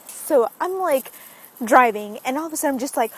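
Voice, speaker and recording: A young woman telling a story in a casual vlog, chatty and animated, recorded outdoors on a street. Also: sits high, a little fast. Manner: chatty, animated retelling with lots of "like". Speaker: vlogger.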